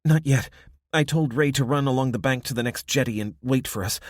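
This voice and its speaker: A man's voice: mid-range voice, fairly quick, no room sound, clean studio sound, pitched above the performer's own voice, natural voice. A man voicing a desperate young woman fleeing a fire, talking in an urgent, raised voice in an audiobook.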